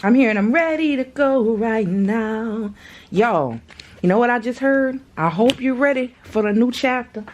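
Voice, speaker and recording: A woman's voice: a little high, expressive, measured pace, slight background noise. A woman in her thirties doing a casual tarot reading to camera, chatty and slangy, swearing freely and talking straight to her viewers. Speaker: tarot reader.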